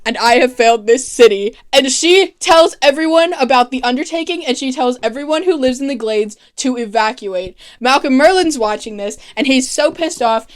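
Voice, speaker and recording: A woman narrating a casual comedic TV recap, sarcastic and profane, paraphrasing characters in her own offhand voice. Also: high voice. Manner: sarcastic, profane, mock-quoting characters in a flat voice. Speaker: TV recap YouTuber.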